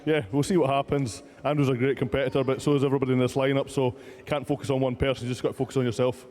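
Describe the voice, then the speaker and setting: A man's voice: mid-range voice, level tone, very fast, darkish tone. A man from Scotland, a strongman athlete giving an upbeat, determined post-event interview. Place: indoor arena. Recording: echoey arena with crowd.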